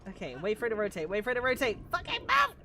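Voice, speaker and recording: A woman streaming a video game live, chatting casually, swearing often and breaking into loud outbursts. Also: medium pitch, expressive, racing, faint music behind. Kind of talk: casual live gameplay commentary.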